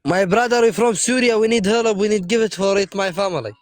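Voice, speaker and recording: A man putting on a high pleading stranger. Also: fairly quick, no echo, studio quality, natural voice. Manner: broken English, imploring. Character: pleading male stranger begging for family help. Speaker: reading out a viewer comment.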